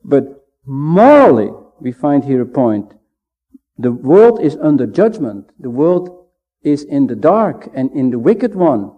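Measured man preaching on lo-fi tape. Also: mid-range voice, big pitch swings. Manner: measured, emphatic, with pauses. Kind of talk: Bible teaching sermon. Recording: dull lo-fi sound.

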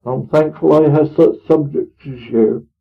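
A man speaking as a kindly, gracious queen within his story, in a gentle, soft manner and his own voice. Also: fairly high pitch, a little slow, gravelly, slightly rough, heavily acted. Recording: tinny phone-like old recording.

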